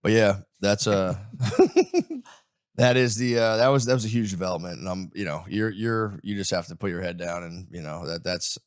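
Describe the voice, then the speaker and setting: A man's voice: deep voice, moderate pace, smooth. A man co-hosting a comedy podcast, chatting casually, joking and acting out quoted voices with frequent laughs. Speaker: podcast co-host.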